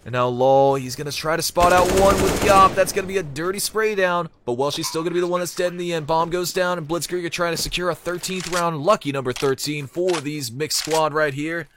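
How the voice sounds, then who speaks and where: A man giving live play-by-play esports commentary, energetic, joking and off-the-cuff. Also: on the high side, brisk, few pauses, noisy background.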